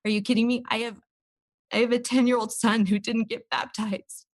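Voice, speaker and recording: A woman's voice: a little high, little pitch movement, normal speed, no echo. Earnest, candid woman. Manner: earnest and open, tearful at times. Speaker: podcast guest. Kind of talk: candid interview talk.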